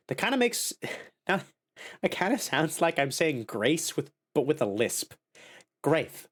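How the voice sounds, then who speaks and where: Goofy, excitable male streamer. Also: medium pitch, normal speed. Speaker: game streamer. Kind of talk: casual live-stream commentary.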